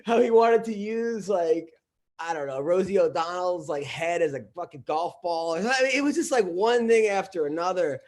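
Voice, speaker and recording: A man's voice: high-pitched, moderate pace. A man, a comedian, telling rambling stories in casual podcast chat, full of fillers and restarts. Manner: rambling storytelling with lots of fillers. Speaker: comedian guest.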